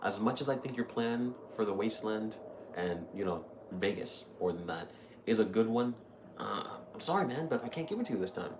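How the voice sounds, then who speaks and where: A man's voice: lowish voice, lively intonation, normal speed, background noise. A young man giving casual, chatty commentary while playing a video game, easily amused. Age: young adult. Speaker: gaming video host. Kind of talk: casual let's-play commentary.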